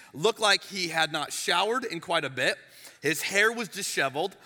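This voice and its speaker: A man, the lead pastor, telling a story in a chatty, animated sermon in a church sanctuary. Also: fairly high pitch. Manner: animated, chatty, with frequent restarts and asides. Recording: long reverb of a large hall.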